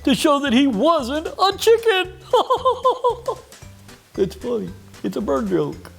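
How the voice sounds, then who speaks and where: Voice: high-pitched, wildly swooping pitch, slow, creaky, soft background music, heavily acted. A performer voicing a wisecracking bird puppet in a children's church skit, interrupting with corny puns. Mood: joking. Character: wisecracking bird puppet, pun-loving troublemaker.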